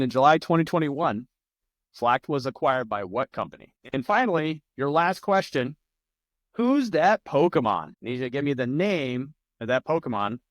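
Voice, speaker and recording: A man's voice: mid-range voice, no room sound. A man hosting an online trivia night from his home, reading out answers with loose, joking, sometimes profane asides. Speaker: trivia host. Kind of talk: casual live-stream trivia hosting. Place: home room with a large plant behind him.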